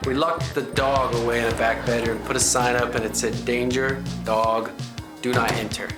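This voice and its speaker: A man spins a comic true story as the host of a reenactment show, wandering off into asides before he gets back on track. His voice sits at an ordinary middle pitch, and music runs clearly under his telling. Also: fairly even intonation, normal speed. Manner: rambling, chatty, full of asides and digressions. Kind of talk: comedic first-person storytelling.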